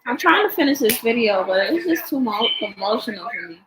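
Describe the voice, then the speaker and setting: A woman's voice: fairly high pitch, animated, a little fast, noisy background. A young woman vlogging her reactions to videos, tearful and worn out from crying, rambling and repeating herself in casual chat.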